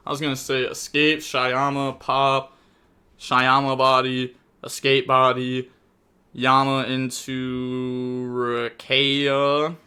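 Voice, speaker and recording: A young man with a bright, forward voice narrates a card game match at speed. He grows exasperated and bursts out loudly at his opponent's misplays, then settles back into quick analysis. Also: medium pitch, monotone, smooth. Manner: fast, exasperated, bursts into loud outbursts. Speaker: host commentating a card game replay. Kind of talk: gameplay commentary.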